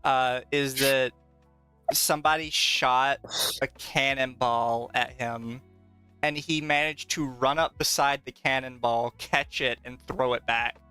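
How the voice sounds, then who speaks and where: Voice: medium pitch, fairly even intonation, slow pace, pushed and bright, clean tone, faint music behind. A podcast host chatting casually with a livestream audience, rambling through stories with plenty of laughter and casual swearing.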